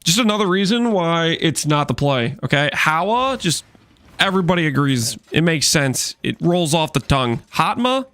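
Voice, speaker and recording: A man's voice: fairly high pitch, lively intonation, normal speed, a bit bright, dry recording. A man streaming a game and chatting casually with viewers, teasing them in playful mock outrage. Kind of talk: casual gaming stream chat.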